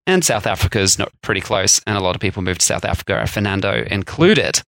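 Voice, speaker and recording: A man's voice: low voice, very animated, quick pace, creaky, a bit bright, dry recording. Male podcast co-host, casual and rambling, dry close recording. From England. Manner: chatty, laughs often, rambling asides. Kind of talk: casual chat.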